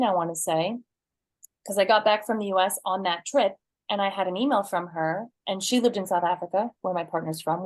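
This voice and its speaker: A woman's voice: medium pitch, dry recording. Dry-sounding woman telling heartfelt stories. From Northern California. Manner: earnest, rambling personal storytelling. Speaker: guest. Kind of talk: casual conversation.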